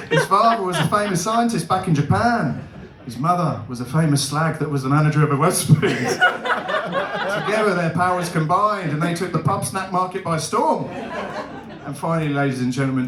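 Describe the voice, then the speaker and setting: A young man doing stand-up comedy, animated and laughing, with big swings in pitch. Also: moderate pace, echoey room, a crowd in the background.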